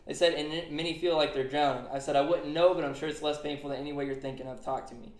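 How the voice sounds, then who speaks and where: A young streamer and podcast host with a fairly high, steady voice talks fast on his casual podcast, recorded in an echoey room. He earnestly retells a conversation, using lots of fillers.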